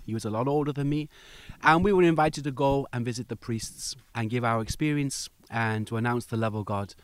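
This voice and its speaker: Man, guest, animated storyteller, acts out quotes, mid pitch, dry sound. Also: no echo. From United Kingdom. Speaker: interview guest. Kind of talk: storytelling in a conversation.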